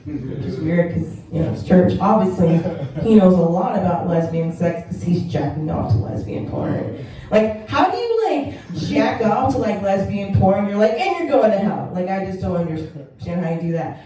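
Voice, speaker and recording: A woman's voice: fairly low pitch, animated, moderate pace, dark tone. Laughing young woman doing stand-up. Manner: chatty, self-mocking, laughs at her own jokes. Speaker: stand-up comedian. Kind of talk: stand-up set. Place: comedy club stage. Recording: echoey room, mic heard from far off.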